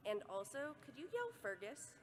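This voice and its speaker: A woman's voice: fairly high pitch, big pitch swings, moderate pace, slight background noise. A woman fan asking a convention guest a question, a little hesitant.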